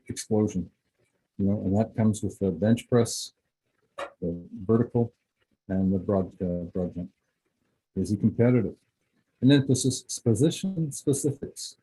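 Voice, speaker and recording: A man's voice: medium pitch, mellow, husky, rough recording. A middle-aged man, a football scout, giving a casual, rambling clinic talk full of anecdotes.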